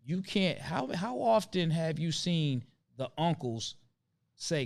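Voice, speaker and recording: A man's voice: a little high, big pitch swings, slow, gravelly, no echo. A man hosting a casual conversation, talking earnestly and emphatically and often repeating his points to drive them home. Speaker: host.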